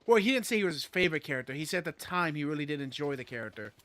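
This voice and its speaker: Male streamer in his thirties, bright, slightly high voice, rambly and excitable. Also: very fast. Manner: rambling, excitable, swears, many fillers. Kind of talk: casual gaming stream chat.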